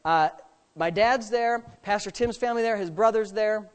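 Male pastor telling a story from the pulpit, animated, does voices. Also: sits high, moderate pace, smooth. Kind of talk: sermon storytelling.

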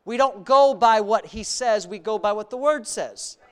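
Preacher, sermon, reading aloud with comments, earnest, emphatic, smooth resonant voice. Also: mid-range voice, moderate pace. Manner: earnest, emphatic, asks the congregation questions.

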